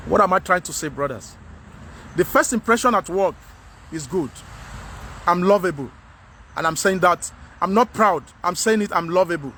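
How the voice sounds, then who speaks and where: A man's voice: high voice, animated, normal speed, long pauses, sharp tone, a little hiss or hum. A man with a Nigerian English accent, giving a frank, earnest monologue to camera as a vlogger, often repeating himself to press a point.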